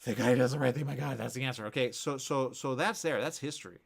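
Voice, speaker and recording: A man hosting a radio morning show, talking casually in a rambling, animated way full of restarts and asides. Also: mid-range voice, fast, vocal fry. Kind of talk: casual talk show monologue.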